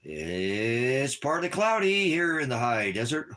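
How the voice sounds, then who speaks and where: A man vlogging in casual chat, rambling and repeating himself with halting restarts. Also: medium pitch, very animated, pushed and bright.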